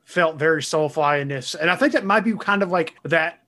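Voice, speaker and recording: A man with a fairly high voice, talking over music with friends. He circles his point, hedging and filling pauses. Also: bright, forceful tone. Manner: hedging, full of "like". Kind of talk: casual music review chat.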